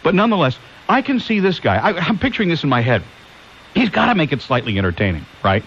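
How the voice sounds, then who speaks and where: Male talk radio host, fairly high voice, lively swings, rambling with rhetorical questions. Muffled, hissy broadcast sound. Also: quick pace. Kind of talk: conservative call-in talk radio.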